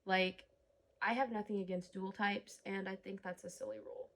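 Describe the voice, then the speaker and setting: A woman's voice: mid-range voice, steady tone, normal speed. A woman giving casual, rambling gameplay commentary as a let's play host, humming to herself between remarks. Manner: rambling, chatty, hums to herself.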